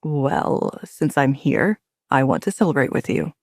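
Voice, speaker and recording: A woman plays a young male werewolf alpha in an audio drama, protective and sure of himself. The voice sits very low for her and is firm and steady, close and dry with no room sound. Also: measured pace, vocal fry, no echo, exaggerated voice. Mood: calm, charming.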